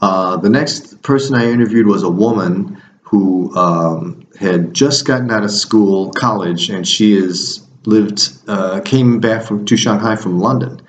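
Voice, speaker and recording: A man's voice: fairly low pitch, measured pace, echoey room, a little hiss or hum, rough recording. A man who coaches fencing, talking through his week in a casual, rambling video diary with many restarts.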